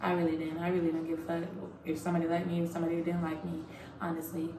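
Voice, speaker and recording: A woman's voice: lowish voice, completely flat delivery, rapid-fire, recorded from a distance. A young woman telling a casual, frank story to camera, full of "like" and "um" and free swearing. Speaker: Navy recruit sharing her boot camp experience. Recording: echoey room, voice off-mic, clear background noise.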